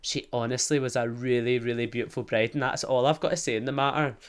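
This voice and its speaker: A man's voice: mid-range voice, steady tone, fast talker, smooth. Gossipy Scottish man hosting a podcast. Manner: gossipy, self-mocking. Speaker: podcast host. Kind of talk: casual solo podcast chat.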